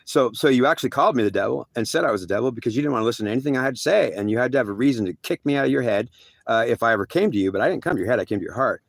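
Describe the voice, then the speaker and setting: A man's voice: medium pitch, lively intonation, racing, vocal fry, no room sound. A man telling a rambling first-person story with slangy asides, acting out the dialogue in a raised voice. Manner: acts out quoted dialogue in a raised voice.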